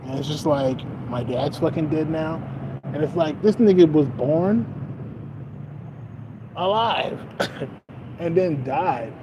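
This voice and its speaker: His voice sits a little high, moving slowly and pausing often. The young man is streaming outside near street traffic, rambling casually with lots of profanity, fillers and laughs.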